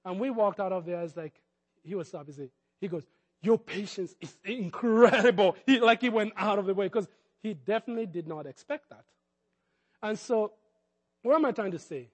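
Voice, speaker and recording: Male pastor, middle-aged, high voice, sermon in a reverberant church hall, storytelling from hushed to loud. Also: expressive, a little fast. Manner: storytelling, swings from quiet asides to loud preaching.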